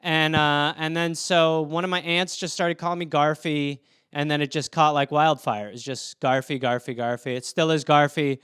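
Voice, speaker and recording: Male comic host, high smooth voice, dry booth sound, rambling solo riffs. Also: fairly even intonation, normal speed, a bit bright, no echo. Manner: riffing, jumps into goofy character voices mid-sentence. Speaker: podcast host answering listener topics. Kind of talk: solo comedic rant.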